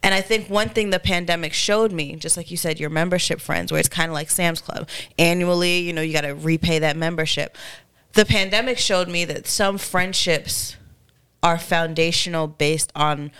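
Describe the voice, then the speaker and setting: This thirties-aged podcast co-host talks in a casual, candid, chatty way, fond of filler words and slightly congested. Her voice sits lowish with fairly even intonation and a moderate pace, bright-ish, clear and resonant.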